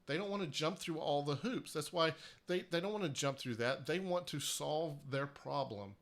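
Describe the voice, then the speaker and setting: A man's voice: on the high side, moderate pace, a bit bright. A man hosting a live-streamed marketing workshop, talking emphatically and persuasively, with frequent restarts. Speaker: host of a marketing workshop livestream.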